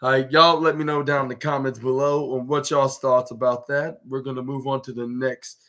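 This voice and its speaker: A man's voice: medium pitch, little pitch movement, moderate pace, bright, forceful tone. A man hosting a podcast, recapping wrestling in a rambling, casual way full of "like" and restarts, acting out what the wrestlers said. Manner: rambling, heavy use of "like" and restarts, acts out quotes. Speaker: podcast host.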